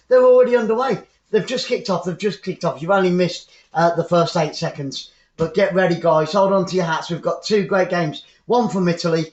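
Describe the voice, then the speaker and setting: An English man giving chatty live football commentary for an online stream, repeating his phrases and rambling into asides. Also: high voice. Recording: roomy, dull lo-fi sound.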